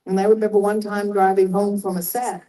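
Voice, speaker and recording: A woman's voice: medium pitch, level tone, fairly quick, mellow, low-quality recording. An older woman speaking as a guest on a convention panel, explaining things in a chatty way and turning to the audience with asides. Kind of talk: live panel storytelling.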